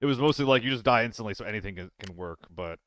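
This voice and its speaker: Low-voiced man streaming a shooter game. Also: expressive, very fast, fairly bright tone, dry recording. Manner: rambling, talks to chat while playing. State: hiccuping and clearing throat. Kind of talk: casual gameplay commentary.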